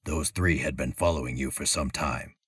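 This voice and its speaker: A man voicing a stern, furred male forest archer in a storybook reading, low and gravelly, speaking in short commands. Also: normal speed, fairly bright tone, no room sound, clean studio sound, exaggerated voice. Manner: terse, commanding.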